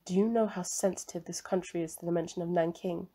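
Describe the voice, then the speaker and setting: A woman voicing an elderly male Chinese professor who speaks in a low, bitter, guarded tone. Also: steady tone, quick pace, mellow. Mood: hushed warning.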